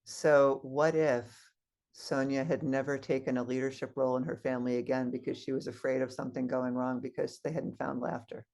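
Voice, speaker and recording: A woman's voice: rumbling low, darkish tone. Female guest minister, sermon, reflective, asks questions of the congregation.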